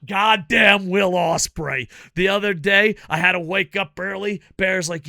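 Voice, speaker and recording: Guy ranting and swearing a lot, kinda high gravelly voice, real excitable. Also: normal speed, few pauses, no echo, studio quality. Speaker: wrestling reviewer and show host. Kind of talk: ranting casual video review.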